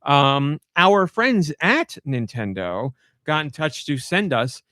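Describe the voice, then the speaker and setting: A man's voice: on the high side, big pitch swings, slow, bright, forceful tone, no room sound, studio quality. A man hosting a podcast in casual chat, rambling along and laughing easily. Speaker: podcast host.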